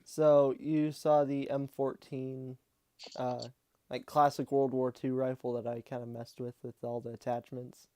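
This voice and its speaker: A man's voice: mid-range voice, level tone, measured pace, mellow, no echo. A man hosting a casual podcast, laughing often and steering the talk. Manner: giggly, leads the talk. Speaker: podcast host. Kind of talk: casual chat.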